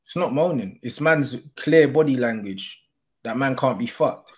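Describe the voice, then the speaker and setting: A man's voice: mid-range voice, expressive, unhurried. A man, arguing bluntly in a heated football debate and swearing casually. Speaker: host.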